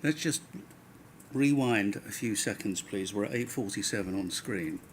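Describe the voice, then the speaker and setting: Low-voiced man pressing a witness. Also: normal speed, slight background noise. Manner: pointed, pressing questions. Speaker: inquiry counsel. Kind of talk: formal questioning of a witness.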